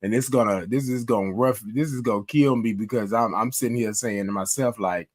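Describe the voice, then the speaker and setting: A man in his fifties with a hoarse voice from a cold, hosting a casual morning live stream and greeting viewers by name. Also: mid-range voice, a little fast, few pauses, no echo. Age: 50s. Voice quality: rough, scratchy voice. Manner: chatty, greets viewers by name, calls them y'all. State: hoarse, sick with a cough.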